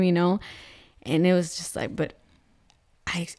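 Vlogging mom in her thirties, candid and heartfelt; smooth, dry voice. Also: on the low side, level tone, moderate pace, a little mellow, no echo. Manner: earnest and open, with frequent fillers. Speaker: vlog co-host, mother. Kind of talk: candid personal vlog talk.

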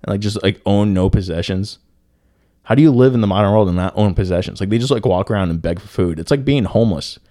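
A young man with a fairly low voice co-hosts a casual podcast, rambling through a story with constant fillers and swearing. The sound is dry and close to the mic. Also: fast talker, no echo. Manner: profane, rambling, lots of fillers, swings to loud disbelief. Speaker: podcast co-host.

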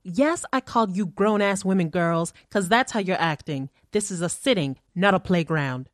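A woman reading the lines of a stern, calm older mother who leads a séance, speaking softly, clearly and without hurry. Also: on the low side, no room sound, clean studio sound, lightly acted. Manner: soft, clear and unhurried.

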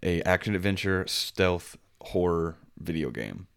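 A man's voice: deep voice, unhurried, creaky, smooth. A man co-hosting a casual video game podcast, rambling with lots of fillers. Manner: relaxed, rambling, frequent fillers. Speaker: podcast co-host. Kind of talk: casual chat.

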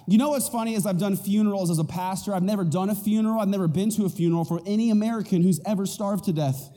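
A male pastor preaching a lively, joking sermon, often checking in with the crowd. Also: sits high, fast talker, few pauses, long reverb tail. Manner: animated and joking, asks the crowd "right?". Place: church auditorium.

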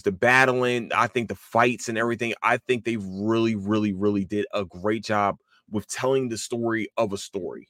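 A man hosting his own solo podcast in casual chat, excitable and profane, with many restarts and fillers. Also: mid-range voice, no echo, studio quality. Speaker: podcast host.

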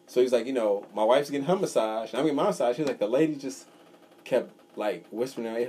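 A young man with a husky, mellow voice chats casually on a podcast. His pitch swings widely as he tells long, rambling, profane stories. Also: lively intonation, fast. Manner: rambling storyteller, swears freely. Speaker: podcast co-host. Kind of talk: casual chat.

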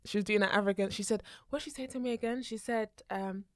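A young woman co-hosting a couple's vlog in casual chat, animated and playful with frequent giggles. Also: medium pitch, fast talker, dry recording, studio quality.

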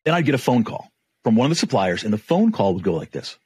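Middle-aged male negotiation trainer, animated storyteller, husky voice, lively delivery. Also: medium pitch, fast talker, dry recording. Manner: animated, acts out dialogue. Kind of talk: storytelling in a talk.

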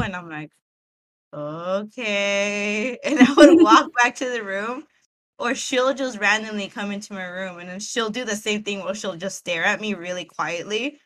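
A young woman co-hosting a podcast, chatting casually in a soft, hesitant way that trails off. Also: medium pitch, rough recording. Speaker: podcast co-host. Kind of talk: casual chat.

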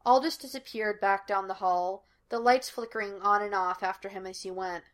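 A woman reading fan fiction aloud as audiobook narration, in a steady, even storytelling manner. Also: medium pitch, moderate pace.

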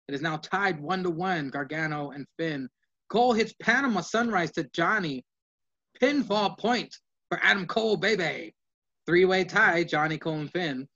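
A man co-hosting a casual podcast, reading through his notes in quick play-by-play and swearing now and then. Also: high voice, a bit bright. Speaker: podcast co-host. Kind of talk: casual wrestling recap from notes. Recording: dull lo-fi sound.

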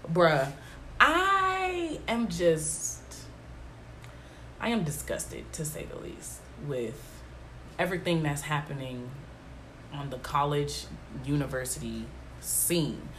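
With a deep, unhurried voice, this young adult woman chats on her casual solo podcast, her allergies leaving her congested. She sounds emphatic and exasperated, peppering her talk with slang fillers, over slight background noise.

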